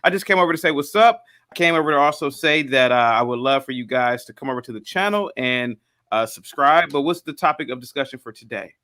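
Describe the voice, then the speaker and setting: A man's voice: mid-range voice, expressive, fast talker, few pauses, pushed and bright, no echo. A man with an American accent who joins a live online panel and talks in a brash, joking way. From United States. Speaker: panel guest.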